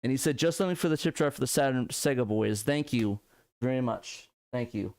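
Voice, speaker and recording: A man co-hosting a casual live stream, easily excited and bursting into laughing exclamations. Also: medium pitch, a little fast, no room sound. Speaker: podcast co-host.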